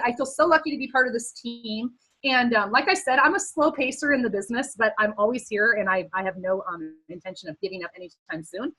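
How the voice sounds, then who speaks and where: A woman's voice: on the high side, fairly quick, a bit bright, slightly rough, low-quality recording. A woman speaking casually and earnestly on a team video call, giving encouraging advice with many fillers and at times close to tears.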